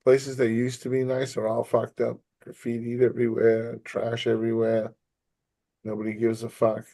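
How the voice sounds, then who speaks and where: A man's voice: mid-range voice, moderate pace, no room sound. A middle-aged man, chatting casually and telling stories full of swearing, acting out what others said. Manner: profane, animated storyteller acting out quotes. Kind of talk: casual chat.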